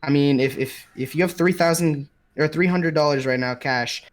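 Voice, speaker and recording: A man co-casting a game, talking casually in short, relaxed reactions. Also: on the high side, normal speed, slight background noise. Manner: laid-back, short reactions. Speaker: co-caster. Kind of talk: casual chat.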